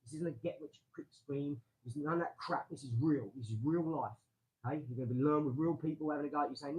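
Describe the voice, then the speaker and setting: A man hosting a casual live stream from his garage, rambling excitably and talking straight to his viewers. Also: on the high side, fast talker, low-quality recording. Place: home garage.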